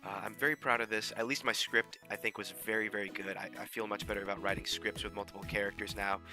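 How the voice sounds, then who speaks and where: A man's voice: lowish voice, level tone, fast, over music. A man casually explaining how he made his fan audio drama, rambling with many fillers and restarts. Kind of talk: casual behind-the-scenes talk.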